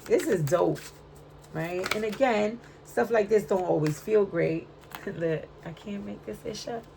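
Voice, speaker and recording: With a warm, medium-pitched voice that runs a little slow and shows vocal fry, a Brooklyn-raised Puerto Rican woman reads tarot cards in a casual, chatty way. She uses streetwise slang and checks in often with "right?" A little hiss or hum sits under the recording.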